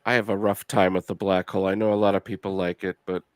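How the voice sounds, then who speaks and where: A man's voice: sits low, flat delivery, fast, no echo. A man co-hosting a casual film review chat, dropping dry, wry one-liners.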